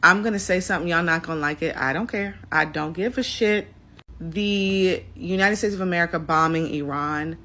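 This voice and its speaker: A woman's voice: fairly low pitch, moderate pace, sharp tone. A woman giving a blunt, defiant opinion. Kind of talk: opinion video.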